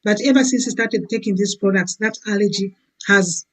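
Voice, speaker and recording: A woman, a guest giving a testimony in relaxed chat, often saying "you know". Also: mid-range voice, normal speed, low-quality recording. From Zambia. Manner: warm, filler-heavy, keeps saying "you know".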